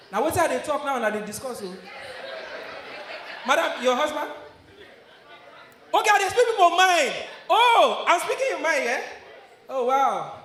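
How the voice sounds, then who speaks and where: Loud Nigerian comedian, echoey stage. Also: male voice, very high voice. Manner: loud, laughing, mixes Nigerian Pidgin with English. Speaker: stand-up comedian. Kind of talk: live stand-up with crowd work. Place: live comedy venue. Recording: echoey live room, faint ambience.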